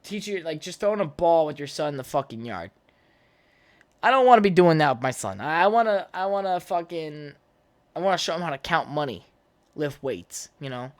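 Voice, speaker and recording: A young man with a fairly high, expressive voice talks a little fast. Hosting his own podcast solo, he tells childhood stories casually, rambling and swearing, with plenty of fillers and restarts.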